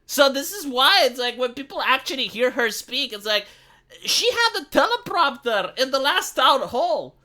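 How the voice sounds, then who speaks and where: A man's voice: very high voice, sing-song, normal speed, bright, forceful tone. A man from Romania with a Romanian accent, live streaming a casual, sarcastic political rant full of fillers. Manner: sarcastic, filler-heavy, ranting.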